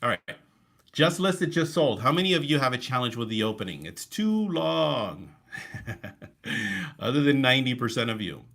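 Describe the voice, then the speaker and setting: A man running a live online coaching session over a video call, talking with high energy and breaking it up with deliberate pauses and changes of pace. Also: sing-song, gravelly, fairly bright tone. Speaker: real estate coach.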